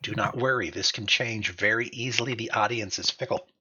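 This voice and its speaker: A man running a tabletop game as game master on a live stream, goofy and animated, laughing often, on a slightly dull mic. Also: lowish voice, fairly quick, breathy edge.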